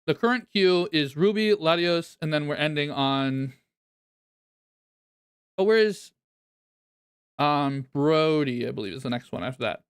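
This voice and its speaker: A man's voice: a little high, lively intonation, unhurried, long pauses, clean tone. A man chatting casually on a live stream as he reviews viewers' decks, laughing often and poking fun at himself.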